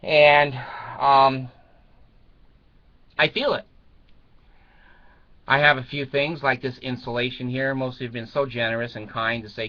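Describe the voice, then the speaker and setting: A man's voice: medium pitch, flat delivery, measured pace, long pauses, muffled recording. An older man chatting casually to viewers in a rambling way, chuckling and swearing freely. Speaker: vlogger.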